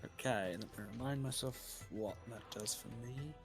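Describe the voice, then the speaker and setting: A man's voice: medium pitch, moderate pace, soft background music. Hesitant man playing a tabletop game. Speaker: player. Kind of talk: casual chat at a game table.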